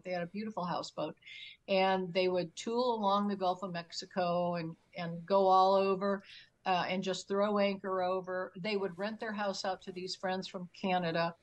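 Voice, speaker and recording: A woman's voice: medium pitch, normal speed, low-quality recording. Older woman telling a vivid story. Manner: animated storyteller who acts out her own quotes. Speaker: guest, UFO experiencer. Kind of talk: storytelling interview.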